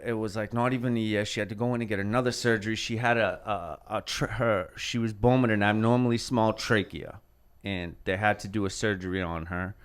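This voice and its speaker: A man in his thirties with a low, smooth, resonant voice talks in casual podcast chat. He rambles through a heartfelt story and swears freely as he goes. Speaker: podcast host.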